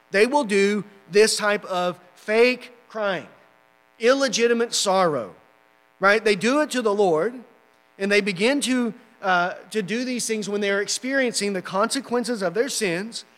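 Bright-voiced preacher man in a reverberant hall. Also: high voice. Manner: emphatic preaching with repeated "right?" asides. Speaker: pastor. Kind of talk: sermon.

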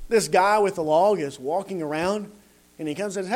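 A man preaching a sermon in a rhetorical, animated way, often tagging his points with "right?". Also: high voice, normal speed.

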